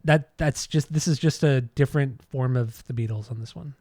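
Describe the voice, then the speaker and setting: A man's voice: medium pitch, normal speed, darkish tone, dry recording, studio quality. An American man co-hosting a podcast in casual chat, rambling and trailing off when unsure. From United States. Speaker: podcast co-host.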